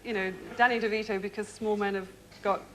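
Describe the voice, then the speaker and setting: A woman's voice: mid-range voice, steady tone, a little fast, heavy background noise. A woman from Nottingham, a game show contestant, chatting in a giggly, rambling way. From Nottingham, England.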